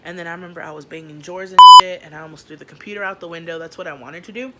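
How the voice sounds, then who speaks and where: Young woman, storytime vlog, slangy and animated, sharp bright voice, faint background hiss. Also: lowish voice, racing. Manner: animated, slangy, acts out each scene. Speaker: vlogger.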